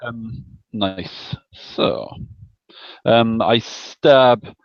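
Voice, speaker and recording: Slow, halting man on a dull mic. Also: on the low side, dry recording. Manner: hesitant, halting with many ums. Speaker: player. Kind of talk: tabletop game play.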